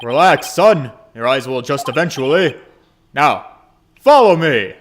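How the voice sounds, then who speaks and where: A man voicing a hearty, jovial middle-aged father who talks loudly and teases his son. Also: mid-range voice, animated, unhurried, background noise, voice pushed down, lightly acted. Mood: teasing. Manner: loud, boisterous, teasing. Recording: game music playing behind. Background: game music.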